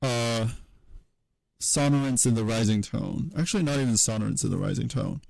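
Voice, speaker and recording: A man giving a casual livestream tutorial, thinking aloud at his computer in a halting way, with many fillers and self-corrections. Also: medium pitch, vocal fry, a little mellow, dry recording, poor audio. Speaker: streamer teaching historical linguistics.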